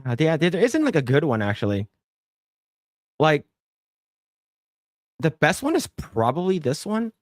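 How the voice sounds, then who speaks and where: Rambling podcast host, dry close mic. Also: male voice, on the high side, sing-song, a little slow, long pauses, dry recording. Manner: rambling, repeats words, thanks donors. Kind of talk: casual livestream chat.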